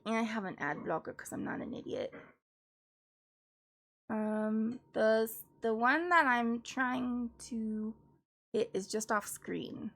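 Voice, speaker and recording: A young woman streamer and classical singer chatting casually and jokingly while doing vocal warm-ups. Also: fairly high pitch, slow pace. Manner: joking, self-deprecating, chatty.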